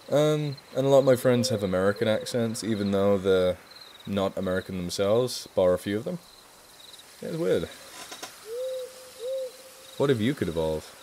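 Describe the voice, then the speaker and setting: A man's voice: fairly low pitch, animated, a little slow, pauses often, mellow, a little hiss or hum. A man from England with a mixed northern English accent, hosting a casual charity live stream Q&A, chatting eagerly and swearing casually.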